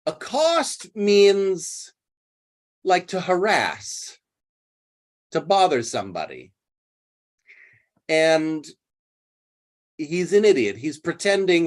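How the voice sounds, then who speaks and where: A man teaching English, retelling a play and explaining words in plain terms. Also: a little high. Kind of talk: literature lesson retelling a play.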